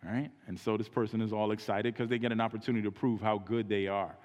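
Earnest low-voiced preacher in a reverberant hall. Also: male voice, little pitch movement, quick pace, highs cut off. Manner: earnest preaching, acts out street conversations in a quieter voice. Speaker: pastor. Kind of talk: sermon. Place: church sanctuary. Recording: church hall with long reverb.

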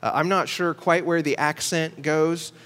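Male pastor, fairly high voice, measured teaching delivery, church sanctuary with long reverb. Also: fairly even intonation, fairly bright tone. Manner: measured teaching, slows to stress key words. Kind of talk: sermon.

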